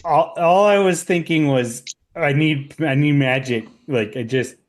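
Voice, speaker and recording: A man's voice: fairly high pitch, unhurried. Stammering man playing a tabletop game. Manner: stammering, sheepish. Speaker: player. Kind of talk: casual chat.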